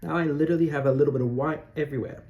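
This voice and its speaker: A man's voice: a little high, steady tone, rapid-fire, darkish tone, dull audio. A man in drag talking casually and playfully through a makeup tutorial, filmed on a phone camera at home. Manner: playful, giggly and self-mocking. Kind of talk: casual chatty vlog narration.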